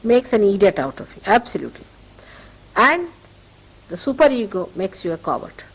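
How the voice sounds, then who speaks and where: Older Indian woman, breathy and emphatic. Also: mid-range voice, sing-song, moderate pace, poor audio. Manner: emphatic, repeats key phrases for stress. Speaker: spiritual teacher. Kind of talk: spontaneous spiritual talk to followers.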